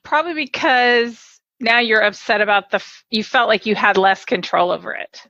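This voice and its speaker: A woman's voice: fairly high pitch, normal speed, pushed and bright, no room sound. A woman hosting a podcast, reflectively summarizing her guest's points. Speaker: podcast host. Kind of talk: interview conversation. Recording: dull, dry lo-fi sound.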